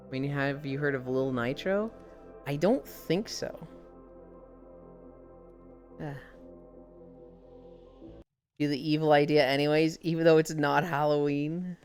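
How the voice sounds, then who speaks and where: Woman streamer, loose casual chatter, salty language, slightly low voice, faint music behind. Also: takes it slowly, long pauses. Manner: swears freely, animated storytelling. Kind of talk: casual chat while walking.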